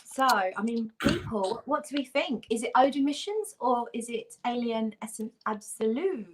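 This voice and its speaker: A woman's voice: on the high side, animated, normal speed, slight background noise. A woman from Britain, a guest on a livestream, chatting casually and enthusiastically about fragrances. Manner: chatty, gushing about scents. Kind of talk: casual chat.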